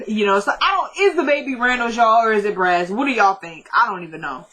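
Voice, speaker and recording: Young woman recapping a tv episode, chatty and animated, talks to her viewers like friends. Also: medium pitch, fast, poor audio. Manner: chatty, animated retelling with quoted dialogue. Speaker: TV recap vlogger.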